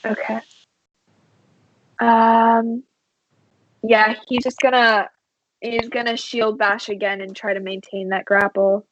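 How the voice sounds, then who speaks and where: A woman narrating a tabletop game as game master, unhurried and halting, with many fillers. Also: a little high, flat delivery, highs cut off.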